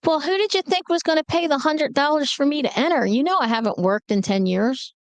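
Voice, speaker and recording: Whiny, indignant carefree sister, squeaky high, as a woman puts her on. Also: brisk, dry recording. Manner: whiny, pleading.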